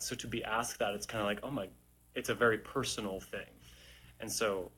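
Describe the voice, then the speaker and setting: A man's voice: fairly low pitch, pushed and bright. A young adult man, a stage actor, chatting casually through viewer questions on a live stream. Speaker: musical theatre actor.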